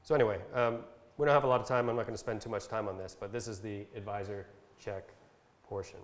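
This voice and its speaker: A man's voice: fairly low pitch, steady tone. Man teaching in an echoey room. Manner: explains step by step with fillers, reads verses slowly. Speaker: Bible translation consultant presenting a workshop. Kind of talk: casual instructional talk with screen demo. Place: talk given at a camp session.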